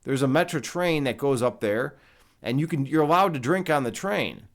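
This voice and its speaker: A man hosts a livestream and talks casually to his chat. He rambles loosely and swears freely, in a mid-pitched, ordinary voice. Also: animated, moderate pace. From Chicago. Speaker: livestream host. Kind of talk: casual chat reading live comments.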